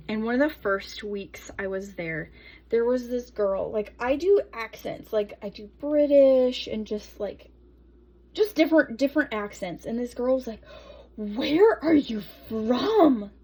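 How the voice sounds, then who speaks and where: A woman's voice: fairly high pitch, lively intonation, measured pace, mellow, poor audio. A young adult woman soap maker chatting casually through a tutorial, rambling into asides while she works.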